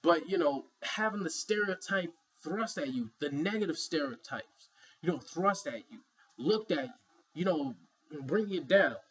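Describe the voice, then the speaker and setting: Husky man giving rambling commentary. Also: a little high, lively intonation, a little slow, fairly bright tone, lo-fi sound. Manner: rambling, emphatic, many "you know" fillers. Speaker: vlogger. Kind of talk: opinion commentary.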